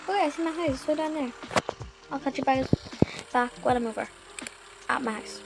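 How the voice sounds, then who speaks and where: A woman's voice: high-pitched, a little fast, vocal fry, very noisy. A British woman with a sore throat, narrating a game roleplay casually and rambling with many fillers. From United Kingdom. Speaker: roleplay gamer. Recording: loud background music.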